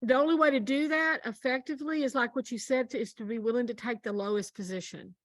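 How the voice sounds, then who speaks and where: A woman speaks as a guest minister in a casual faith conversation, with a high voice. She tells her story earnestly and with emphasis. The sound is dry and close. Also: fast talker, dry recording.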